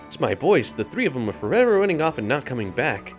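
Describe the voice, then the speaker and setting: A man's voice: mid-range voice, very animated, quick pace, faint music behind, voice pushed up, lightly acted. A man voicing a worried village mother in a game. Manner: anxious, fretful.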